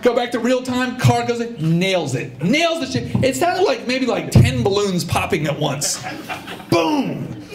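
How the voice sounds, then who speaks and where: Male stage storyteller, animated, acts out his characters, swooping pitch. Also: normal speed, hardly any pauses, reverberant. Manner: animated, acts out voices, audience laughter. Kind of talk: live personal storytelling. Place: stage at a live storytelling show. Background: audience laughter.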